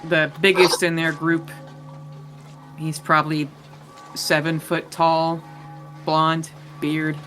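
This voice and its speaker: A man's voice: on the high side, monotone, slow pace, long pauses, sharp tone, faint music behind. A man narrating as game master of a tabletop game, in a loose, rambling, joking way.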